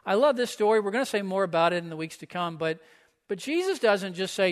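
A man's voice: high voice, expressive, fast. A man pastor preaching a sermon in a church, conversational and often asking the listeners questions. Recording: echoey hall.

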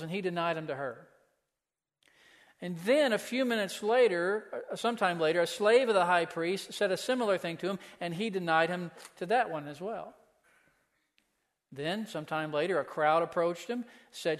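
A man's voice: high-pitched, normal speed. A man preaching a sermon as pastor, earnest, asking the listeners pointed questions. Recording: long hall reverb.

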